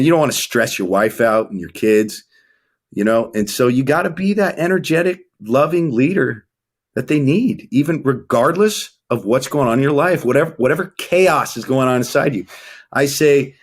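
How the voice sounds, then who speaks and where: Speaking at medium pitch and normal speed with lively intonation, a young male podcast guest coaches fathers. He preaches emphatically, acts out scenes, and keeps to motivational interview talk.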